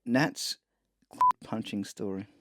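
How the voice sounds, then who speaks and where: A man's voice: fairly low pitch, fairly even intonation, slow, a bit bright, no echo, clean studio sound. A man co-hosting a podcast in casual, joking chat with a crude sense of humour. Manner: joking, crude, reads out jokes from listeners. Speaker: podcast co-host.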